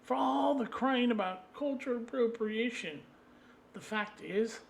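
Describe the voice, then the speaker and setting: A man delivering an angry, profane solo rant, combative and swinging into loud outbursts. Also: very high-pitched, measured pace, slight background noise. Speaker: vlogger.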